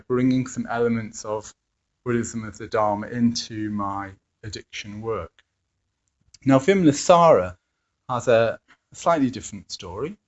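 A man's voice: mid-range voice, darkish tone. A man, an addiction therapist who teaches mindfulness, telling anecdotes in a hesitant way with many fillers and chuckling asides. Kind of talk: anecdotal talk. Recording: dull lo-fi recording.

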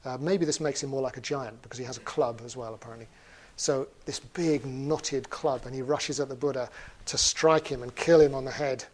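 Animated man telling a fable. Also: mid-range voice, moderate pace. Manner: animated, with humorous asides. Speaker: storyteller. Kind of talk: storytelling talk.

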